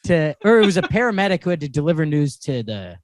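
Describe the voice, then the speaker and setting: Lively, higher-voiced male podcast co-host. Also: noisy background. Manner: rambling, self-correcting, quick to laugh. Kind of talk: casual chat.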